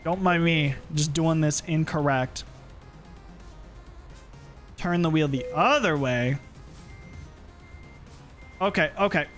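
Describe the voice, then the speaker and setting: A man's voice: on the high side, slow, long pauses, fairly bright tone. Chatty young male streamer over game music. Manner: chatty, reacts aloud while driving, talks to chat. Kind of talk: casual gameplay commentary.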